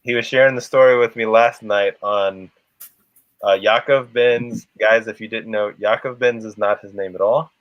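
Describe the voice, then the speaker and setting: Low-voiced man hosting a casual stream. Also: fairly even intonation, normal speed, no echo, lo-fi sound. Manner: rambling, conversational. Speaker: livestream host. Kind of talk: casual chat.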